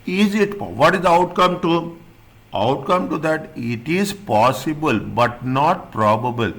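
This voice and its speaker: A man at a middle pitch teaches an accounting exam class. He talks in loose spoken sentences, restarting and rephrasing. He often checks in with the students before moving on. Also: fairly bright tone. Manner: repeats points, checks understanding with "is it right?"; restarts and rephrases often, non-native phrasing. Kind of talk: classroom lecture.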